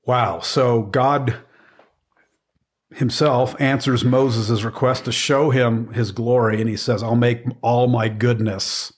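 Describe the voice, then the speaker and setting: Husky man teaching scripture. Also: mid-range voice, fairly even intonation, slow. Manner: earnest, reflective, with many ums and restarts. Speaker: podcast co-host. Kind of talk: casual Bible teaching chat.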